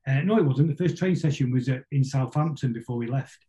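A man's voice: medium pitch, fast talker, warm tone, rough recording. A middle-aged man, a podcast guest telling long stories that ramble along with frequent restarts and repeated words. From Salford, England. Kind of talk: casual storytelling interview.

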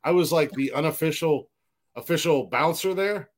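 A man's voice: fairly high pitch, moderate pace. A middle-aged man from the Newark area, telling a long story in casual podcast chat, swearing freely and restarting sentences. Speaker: podcast co-host.

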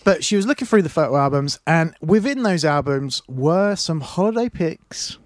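A man's voice: fairly high pitch, animated, normal speed, no room sound, clean studio sound. A man presenting a radio show, chatting casually and teasing his co-host. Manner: teasing, jokey banter. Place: radio studio.

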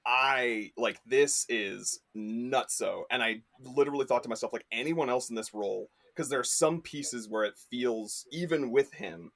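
A man's voice: mid-range voice, normal speed, few pauses. A man chatting as a podcast guest, rambling with lots of fillers and restarts. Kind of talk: casual chat.

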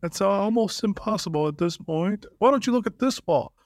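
A man's voice: high voice, lively intonation, normal speed, no echo, clean studio sound. A man doing a creepy sweet-talking candy man. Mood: wheedling. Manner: wheedling salesman patter. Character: creepy overly friendly male candy shopkeeper.

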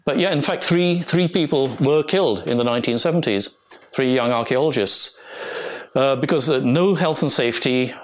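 An older man from England talks an audience through his slides as an archaeologist, in a loose, rambling way. His pitch sits in an ordinary middle range, and he keeps breaking off with fillers and restarts. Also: moderate pace, a bit bright. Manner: rambling, chatty, self-interrupting with fillers and restarts. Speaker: archaeologist giving a talk. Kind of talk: informal illustrated lecture.

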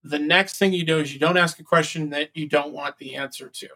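Bright-voiced man coaching on sales calls. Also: on the high side, fairly quick, poor audio. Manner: animated, acts out phone calls. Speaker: podcast co-host and sales coach. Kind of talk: casual podcast chat.

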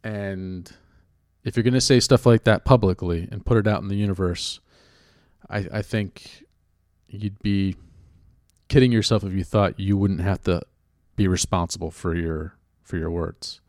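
A man hosting a podcast, talking through his thoughts in a reflective, measured way and often rephrasing himself. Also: low-pitched, steady tone, darkish tone, no room sound, clean studio sound. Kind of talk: casual spoken commentary.

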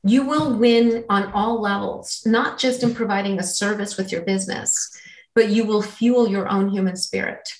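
A woman's voice: medium pitch, steady tone, moderate pace, echoey room, rough recording. A woman guest in an interview, a business coach speaking in an earnest, inspirational way. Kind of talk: casual interview talk.

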